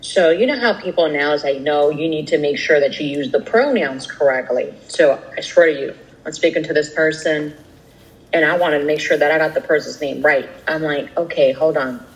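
A woman co-hosting a casual podcast, telling animated stories and acting out quoted voices. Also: low voice, moderate pace, rough recording. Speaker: podcast co-host. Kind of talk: casual chat, storytelling.

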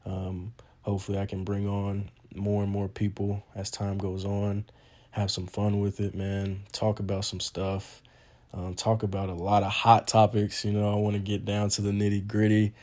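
A man's voice: fairly low pitch, monotone, normal speed, darkish tone. A young man hosting a solo podcast intro, talking casually and earnestly, admitting he is nervous, with lots of "um" and "man". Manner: earnest, informal, frequent "um" and "man". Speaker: podcast host.

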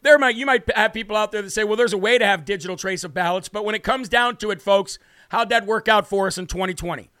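Man, brash livestream host, bright forceful voice, smooth and clear, repeats words for emphasis. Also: high-pitched, fast talker, dry recording, studio quality. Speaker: host of a political livestream show. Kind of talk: casual livestream talk, reading viewer comments. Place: home studio with a city view behind him.

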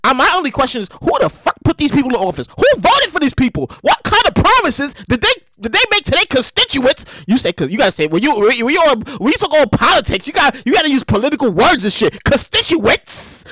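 Animated, slangy New woman. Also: sits high, fast, hardly any pauses, dry recording. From New York. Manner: animated, slangy, acts out quoted voices. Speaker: commentator. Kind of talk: casual news commentary.

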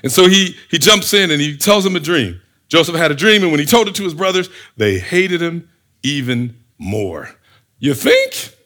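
A man's voice: fairly high pitch, normal speed. A man preaching a sermon, firing rhetorical questions and acting out the scenes he describes. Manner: animated, fires rhetorical questions, acts out scenes.

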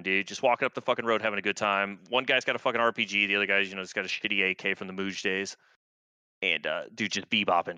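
Laid-back profane man, low voice. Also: pushed and bright, clear, resonant tone, no room sound. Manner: laid-back, profane, rambling with many fillers. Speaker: guest, army veteran. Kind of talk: casual war storytelling.

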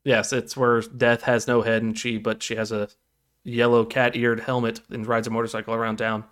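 A man at a middle pitch talks in a casual podcast chat, hesitant and full of small self-corrections. He pauses often with ums as he works out what he wants to say. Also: level tone, a bit bright. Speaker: podcast co-host.

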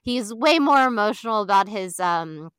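A woman co-hosting a podcast, casually recapping a reality show with animated storytelling, acting out quotes and laughing often. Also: mid-range voice, normal speed, smooth, no room sound, clean studio sound. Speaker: podcast co-host.

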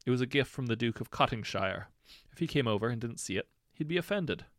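A man's voice: medium pitch, lively intonation, quick pace, dry recording, studio quality, lightly acted. A man voicing a disdainful, impatient queen mother. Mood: haughty. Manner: disgusted, impatient.

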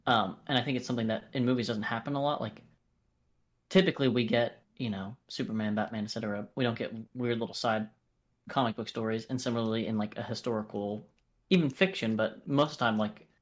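An American man co-hosting a casual podcast, reviewing films in a lively, profane way and acting out quotes. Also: mid-range voice, quick pace. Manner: animated, profane, acts out quoted voices. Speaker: podcast co-host. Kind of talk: casual film review chat.

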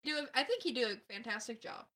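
A woman co-hosting a podcast in casual chat, joking in a playful, deadpan way. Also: on the high side, fast. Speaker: podcast co-host.

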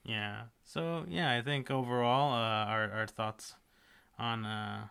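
A man's voice: mid-range voice, fairly even intonation, slow pace, creaky, a bit bright, smooth. A man co-hosting a casual podcast, agreeable and hesitant, with many fillers. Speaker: podcast co-host. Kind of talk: casual chat.

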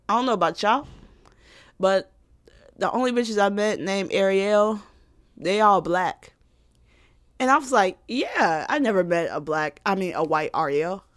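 A woman vlogger giving her opinion in a sassy, animated casual rant with laughing asides. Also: mid-range voice, no room sound.

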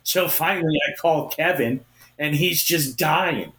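A man co-hosting a podcast, telling a story in a casual, animated way and acting out what others said. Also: a little high, a little slow, roomy sound, a little hiss or hum. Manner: animated, acts out quotes of others. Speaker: podcast co-host.

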